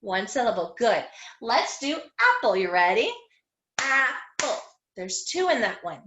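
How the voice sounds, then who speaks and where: A woman teaching young children an online phonics lesson, sounding out letters slowly in an encouraging, sing-song way. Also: mid-range voice, big pitch swings, a bit bright, echoey room. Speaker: kindergarten teacher. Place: home room.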